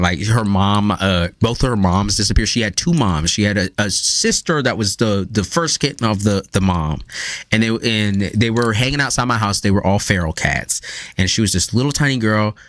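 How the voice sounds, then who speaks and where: A man hosting a live stream, chatting casually with viewers in a loose, profane, animated storytelling manner. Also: lowish voice, moderate pace, no room sound. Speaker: live stream tarot reader.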